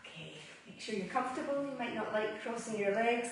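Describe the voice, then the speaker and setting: Calm yoga teacher woman, echoey room. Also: on the high side. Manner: slow, calm, soothing guidance with long pauses. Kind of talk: guided yoga and breathing instruction. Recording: roomy echo, voice from a distance.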